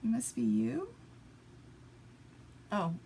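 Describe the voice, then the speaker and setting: A woman's voice: a little high, very animated, extremely slow, creaky, dark tone, slight background noise. A woman demonstrating papercraft in a casual live stream, chatting to viewers and muttering little asides to herself as she works at a home craft table.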